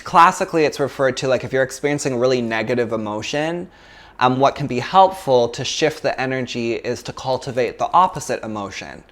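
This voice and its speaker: A man teaching a yoga class, talking in a loose, chatty way and telling stories with plenty of fillers. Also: mid-range voice. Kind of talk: casual talk to a yoga class.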